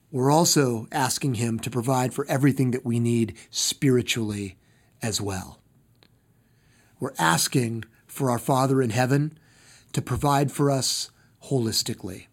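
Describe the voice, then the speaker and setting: Slow husky-voiced male preacher. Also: medium pitch. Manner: slow, deliberate, repeats phrases for emphasis. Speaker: pastor. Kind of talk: sermon.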